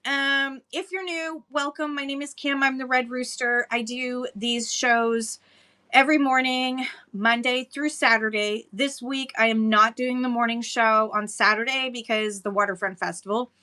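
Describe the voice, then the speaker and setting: Woman host, casual live-chat delivery, bright and slightly high, chatty with frequent laughs. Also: steady tone, moderate pace, clean tone. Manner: chatty, laughs often, greets viewers by name. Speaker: livestream seller host.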